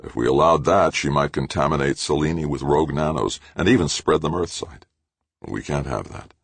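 A man's voice: a bass voice, normal speed, gravelly, breathy edge, no room sound, exaggerated voice. A man playing a young leader who speaks firmly and reasonably. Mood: calm. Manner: reasonable, firm. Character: young man leading a moonbase, firm.

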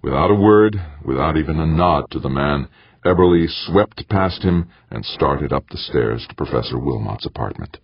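Audiobook narrator, male, very low and husky, dramatic read, dry dull recording. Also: normal speed, dry recording. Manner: dramatic, expressive reading. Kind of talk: scripted narration.

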